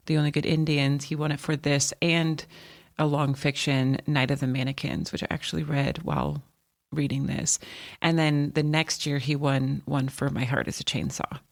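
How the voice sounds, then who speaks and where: Low-voiced woman co-hosting a podcast. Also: vocal fry, dry recording, clean studio sound. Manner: laughs often, chatty and self-correcting. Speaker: podcast co-host. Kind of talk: casual chat.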